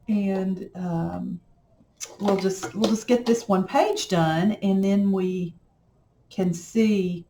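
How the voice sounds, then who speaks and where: Slow, rambling woman crafting. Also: medium pitch, dark tone, a little hiss or hum. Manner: rambling, folksy, chatty. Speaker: crafting vlogger. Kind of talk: casual chat while crafting. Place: home craft room. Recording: echoey room.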